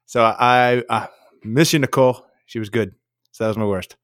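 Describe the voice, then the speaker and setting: A man's voice: mid-range voice, steady tone, normal speed, a bit bright, dry recording, clean studio sound. A man co-hosting a casual podcast, talking in a wry, joking way. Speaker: podcast co-host. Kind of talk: casual chat.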